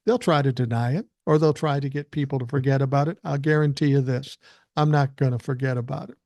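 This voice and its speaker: A man's voice: mid-range voice, fairly even intonation, quick pace, a little mellow, no echo, studio quality. An older man from South Minneapolis, hosting a podcast and ranting heatedly, mocking and swearing as he reads viewer comments. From South Minneapolis, USA. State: out of breath. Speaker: podcast host. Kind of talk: ranting live stream commentary.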